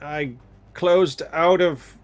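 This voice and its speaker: A man's voice: on the high side, fairly even intonation, very slow, faint music behind. A man from Canada playing a tabletop game, making wry, joking asides. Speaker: player. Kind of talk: tabletop role-play chat.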